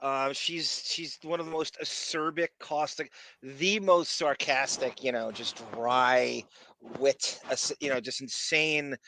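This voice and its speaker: A man's voice: medium pitch, fairly even intonation, slow pace, sharp tone, no room sound. A man co-hosting a podcast in casual chat, playful and giggly, often breaking into laughter. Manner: giggly, playful, bursts into laughter and silly voices. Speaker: podcast co-host.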